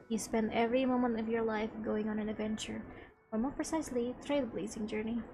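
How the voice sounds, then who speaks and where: A woman voicing a gentle, wistful elderly man, reading his lines slowly and softly. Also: on the high side, creaky. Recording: game music playing underneath.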